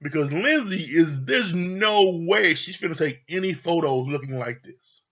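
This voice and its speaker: A man's voice: fairly high pitch, animated, a little slow, pushed and bright, muffled recording. Profane, laughing man recapping TV. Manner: blunt, profane, laughing often. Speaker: reality TV reviewer. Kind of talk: casual recap commentary.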